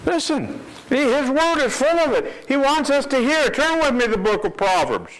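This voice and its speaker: A man's voice: extremely high pitch, big pitch swings, normal speed, a bit bright, low-quality recording. A man preaching a sermon with emphasis, reading scripture aloud and repeating his words.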